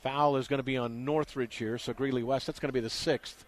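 A man doing fast radio play-by-play for a high school basketball game, getting loud and excited on big shots. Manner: rapid, excitable, rises loudly on big shots.

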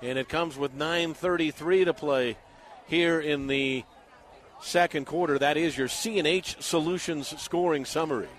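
Brief: middle-aged male radio play-by-play man, raised voice, swells to shouts on scoring plays, calling from the stands. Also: fairly high pitch, unhurried, a little hiss or hum. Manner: excitable, builds to shouting on big plays. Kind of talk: live sports play-by-play commentary. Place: packed outdoor stadium, among the stands.

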